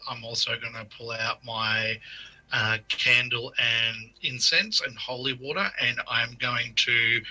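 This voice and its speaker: A man's voice: medium pitch, sharp tone, poor audio. A man playing a tabletop game, earnestly describing his character's actions step by step. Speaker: player. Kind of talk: casual tabletop game chat.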